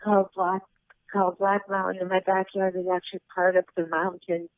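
A woman's voice: mid-range voice, flat delivery, a little fast, no room sound. A woman guest chatting by phone, out of breath, telling stories and laughing easily. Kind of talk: casual phone interview. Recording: tinny phone line.

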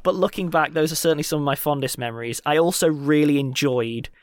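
A man co-hosting a casual podcast Q&A, animated and teasing, quick to laugh. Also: a little high, no room sound, studio quality. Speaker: podcast co-host.

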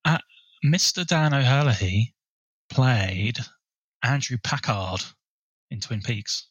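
Husky man presenting film facts. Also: medium pitch, animated, no room sound. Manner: informative, measured, steers the talk. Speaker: podcast co-host. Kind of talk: casual film chat.

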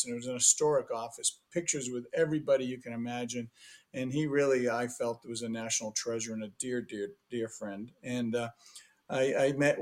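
A man, telling rambling anecdotes as a podcast interview guest, with frequent restarts. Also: mid-range voice. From Massachusetts, USA. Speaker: podcast guest, former senator and ambassador. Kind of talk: casual storytelling interview.

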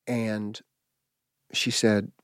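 Halting, reflective male storyteller, dry sound. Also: on the low side, little pitch movement, fairly bright tone, clean tone, no room sound. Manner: halting, reflective, with pauses and restarts. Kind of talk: personal storytelling.

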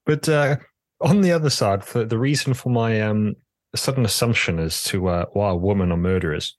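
A man's voice: lowish voice, normal speed, dry recording. Dry-sounding man chatting. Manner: hesitant, many fillers, laughs often. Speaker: podcast co-host. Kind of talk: casual chat.

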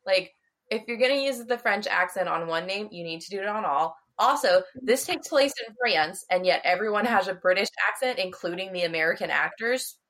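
A young woman co-hosting a podcast in casual chat, talkative and quick to laugh, with playful mock quotes. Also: medium pitch, lively intonation, fairly bright tone. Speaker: podcast co-host.

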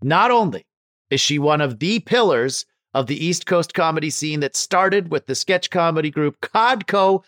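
A man's voice: fairly high pitch, dry recording, studio quality. A man hosting a comedy podcast, joking and laughing often while introducing and interviewing a guest. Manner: jokey, laughs often, reads a warm intro. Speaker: podcast host. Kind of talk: casual interview chat.

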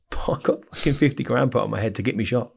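A man with an Essex accent telling stories as a podcast guest, animated and full of swearing. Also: medium pitch, creaky, husky. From England. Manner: fast, animated storytelling with heavy swearing. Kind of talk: storytelling interview.

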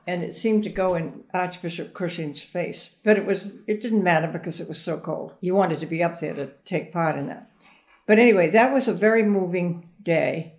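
A woman's voice: lowish voice, darkish tone. An older woman, a guest in an interview, telling rambling anecdotes from her past. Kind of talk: reminiscing conversation.

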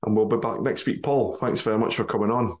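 Scottish male podcast host, lowish voice, jokey banter, laughs a lot. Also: quick pace. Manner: jokey, laughs often, broad dialect words. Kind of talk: casual football podcast chat.

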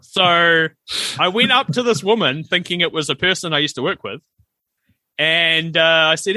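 A man's voice: a little high, expressive, moderate pace, bright, forceful tone, dry recording. A middle-aged man, co-hosting a casual podcast and telling stories animatedly, acting out the voices he quotes. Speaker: podcast co-host. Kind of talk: casual chat.

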